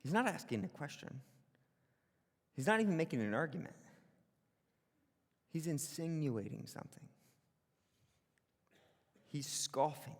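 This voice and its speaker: A man preaching a conversational sermon as pastor, animated and casual, acting out the voices of the people he quotes. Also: a little high, measured pace, long pauses. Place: church hall. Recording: church hall with long reverb.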